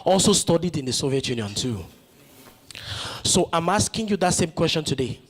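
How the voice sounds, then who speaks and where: A man's voice: fairly high pitch, animated, normal speed, breathy edge. A man giving a motivational conference speech, stirring the audience with rhetorical questions. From Nigeria. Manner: rousing, full of rhetorical questions. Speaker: conference speaker.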